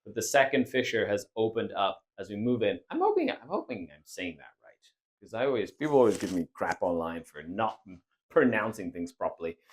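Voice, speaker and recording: A man hosting a tabletop wargame battle report, narrating each turn in an animated way with frequent laughter and playful exclamations. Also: on the low side, a little fast, a little hiss or hum. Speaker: host and player.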